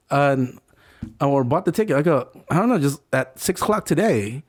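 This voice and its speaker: A man's voice: a little high, lively intonation, moderate pace, darkish tone. A man in his forties, telling a story in a casual interview and acting out other people's lines. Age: 40s. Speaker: podcast guest.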